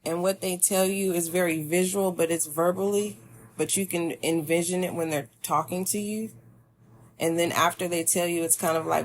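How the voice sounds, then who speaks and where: A woman's voice: lowish voice, steady tone, normal speed, a little hiss or hum. A woman giving a spiritual tarot reading, talking to the listener in a meandering, musing way. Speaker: tarot reader.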